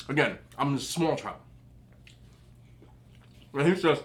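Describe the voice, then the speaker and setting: Animated man telling stories while eating. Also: a little high, measured pace, pauses often. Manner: animated, chatty, eating with mouth full. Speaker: mukbang vlogger. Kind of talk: casual storytelling while eating.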